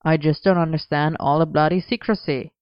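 Female narrator doing a smug young man, dry humor, lowish smooth voice, slightly dull dry recording. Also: steady tone, fairly quick, dry recording, close to an everyday voice. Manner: smug and mocking.

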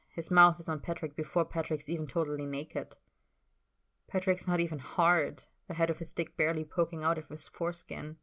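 A woman reading a story aloud in a steady, plain voice. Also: low voice. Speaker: story reader.

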